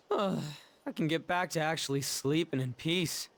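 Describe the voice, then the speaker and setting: A woman's voice: sits low, slow pace, voice pushed down. A woman streamer voicing a brash, slangy teenage boy while reading game dialogue aloud. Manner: loud, careless street slang.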